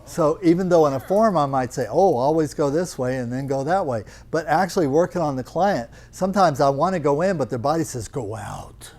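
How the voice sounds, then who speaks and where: A man's voice: fairly high pitch, brisk, few pauses, a little mellow. An older man teaching a live Thai yoga class, chatty and teasing, explaining with questions to students in the room.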